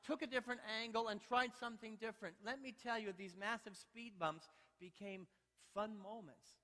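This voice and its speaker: Bright-voiced pastor in a reverberant hall. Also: male voice, high voice, moderate pace, few pauses. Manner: lively storytelling, playful, exhorting. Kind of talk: sermon. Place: church sanctuary. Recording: long church hall reverb.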